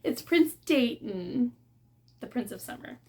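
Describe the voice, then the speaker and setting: A woman vlogging a casual book haul unboxing, gushing and excitable as she shows off her books. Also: on the high side, a little slow, slight background noise. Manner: gushing and excitable, with gasps of delight.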